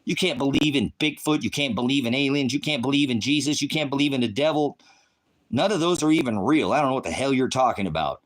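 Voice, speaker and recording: American man, ministry streamer, combative profane rant to chat, mid-range voice, jumps from muttering to shouting. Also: quick pace. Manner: swings between low mutters and loud outbursts.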